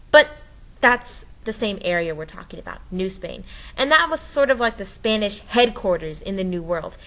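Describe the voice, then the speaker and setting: A woman's voice: a little high, pushed and bright, low-quality recording. Playful, enthusiastic woman teaching history. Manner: playful, enthusiastic, adds dramatic sound effects; explanatory, frequent "um" and "okay?". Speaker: history lesson presenter. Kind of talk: recorded classroom lesson.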